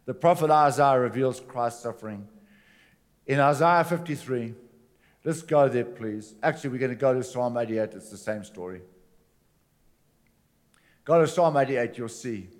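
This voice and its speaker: A man preaching a sermon, swinging between forceful declarations and hushed, intimate asides. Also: medium pitch, normal speed, pauses often. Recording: long hall reverb.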